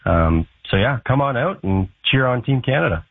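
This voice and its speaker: A man's voice: medium pitch, animated, moderate pace, no echo. A man, a tournament director, speaking as a guest on a radio show in a hesitant way with many fillers. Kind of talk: radio interview. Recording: husky voice on a phone line.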